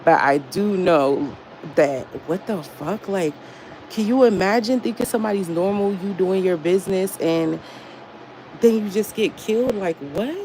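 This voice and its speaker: A young woman chatting casually on a livestream, profane and animated as she reads chat aloud. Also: medium pitch, a little slow, a little hiss or hum, poor audio. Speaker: livestream host.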